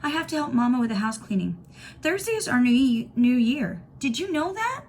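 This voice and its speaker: A woman voicing a kind, calm young girl who speaks gently and reassuringly in a storybook reading. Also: sits high, brisk, a little hiss or hum, pitched above the performer's own voice. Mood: gentle. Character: kind, calm ten-year-old girl.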